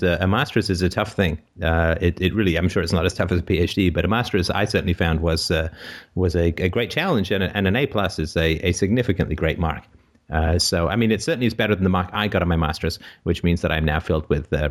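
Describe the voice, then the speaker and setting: A man hosting a call-in show, talking casually with wry, self-mocking asides and many fillers. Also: low-pitched. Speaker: host.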